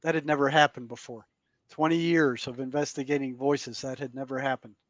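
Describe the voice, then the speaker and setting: A man speaking as a podcast guest. He recounts past events in an earnest, halting way and often repeats words as he goes. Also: medium pitch, fairly even intonation, dry recording. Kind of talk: storytelling in conversation.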